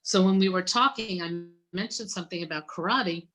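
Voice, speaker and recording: A woman's voice: lowish voice, a little fast, a bit bright. Chatty woman host on a video call. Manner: chatty, effusive, joking. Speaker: interviewer, university gift planning director. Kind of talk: casual video-call interview.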